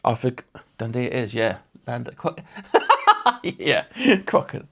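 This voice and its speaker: A man's voice: mid-range voice, steady tone, moderate pace, creaky, fairly bright tone, breathy edge. A man hosting a casual livestream, chatting and teasing viewers while he works on a guitar. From Lincolnshire, England. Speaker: livestream host.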